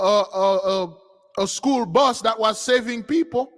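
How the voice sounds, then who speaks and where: Man, online preacher, heated animated commentary, high voice, hall echo. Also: slow pace, faint music behind. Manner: animated, preachy, addresses listeners as beloved. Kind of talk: commentary on news clips.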